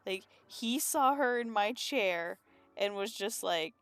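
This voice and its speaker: A woman's voice: mid-range voice, animated, slow pace, a bit bright, clean tone, no room sound, faint music behind. A woman streaming from her room at home, chatting casually and rambling while she works on comics, laughing often and swearing now and then. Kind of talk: casual chat while drawing.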